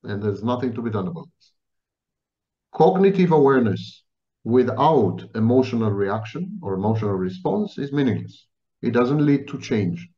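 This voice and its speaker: Lively lecturing man, dull lo-fi audio. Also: mid-range voice. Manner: deliberate, lecturing, repeats key words for emphasis. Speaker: interview guest explaining psychology. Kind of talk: explanatory interview answers. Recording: dull lo-fi sound.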